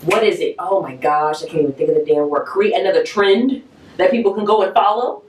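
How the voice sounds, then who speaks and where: A woman's voice: fairly low pitch, brisk, a little hiss or hum. Profane, outspoken woman in an echoey room. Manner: blunt, profane, animated. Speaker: podcast co-host. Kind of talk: casual chat. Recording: roomy, mic at a distance.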